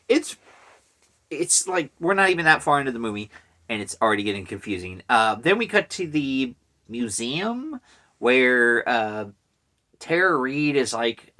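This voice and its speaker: Bright-voiced man rambling a movie recap. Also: mid-range voice, lively intonation, a little slow. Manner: rambling, casual, lots of fillers and asides. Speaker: horror movie reviewer. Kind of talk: casual movie recap vlog.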